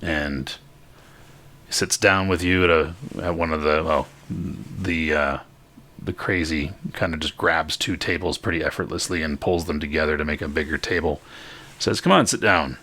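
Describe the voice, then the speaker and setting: A man narrating a tabletop game as game master, halting and full of fillers. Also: very deep voice, fairly even intonation, pushed and bright.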